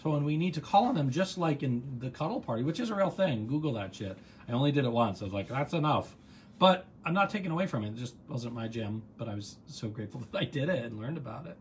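Talking fast with few pauses, this expressive man with a medium-pitched voice hosts and coaches a casual live online gratitude session. He reads viewers' comments, encourages them, and rambles into side stories, over a little hiss or hum.

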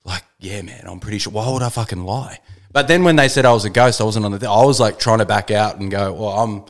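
A man's voice: fairly low pitch, fast. An Australian man co-hosting a podcast, telling stories in a laid-back, rambling, sweary way. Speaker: podcast co-host. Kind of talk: casual chat and storytelling.

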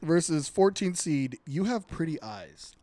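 A man with a slightly high voice whose pitch swings wildly as he laughs and jokes. He swears freely and reads out rankings in loose podcast banter between friends. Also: big pitch swings, unhurried, mellow, dry recording. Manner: swears, laughs a lot, reads out bracket picks. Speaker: podcast co-host. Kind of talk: casual banter.

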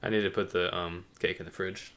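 Casting: man, relaxed podcast co-host, slightly low voice. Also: a little fast, a little hiss or hum. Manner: laughing, loose. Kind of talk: casual chat.

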